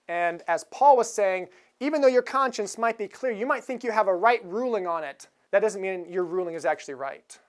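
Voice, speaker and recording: A woman's voice: mid-range voice, animated, brisk, hardly any pauses. Woman preacher, casual chatty sermon delivery, easy chuckles, mid-range voice. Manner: conversational, chuckles while retelling a film scene.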